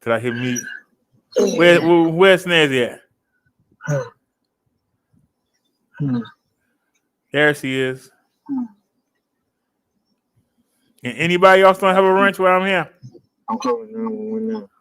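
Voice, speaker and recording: A man hosting a livestream in a relaxed, chatty way, talking to viewers by name, recorded on a phone worn on his chest. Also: a little high, takes it slowly, pauses often, clean tone. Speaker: livestream host. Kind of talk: casual chat with a live chat.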